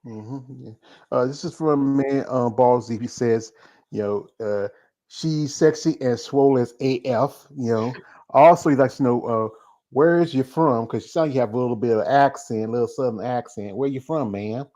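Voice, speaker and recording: A man's voice: mid-range voice, moderate pace, warm tone. A man in his forties from North Carolina, hosting a casual interview, rambling and repeating words as he talks. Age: 40s. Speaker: interview host. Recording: dull lo-fi sound.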